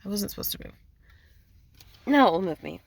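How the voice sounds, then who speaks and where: A woman's voice: medium pitch, huge pitch swings, a little fast, vocal fry, slightly rough. A woman giving an intuitive card reading in a rambling, repetitive way, often speaking quoted messages aloud. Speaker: spiritual card reader.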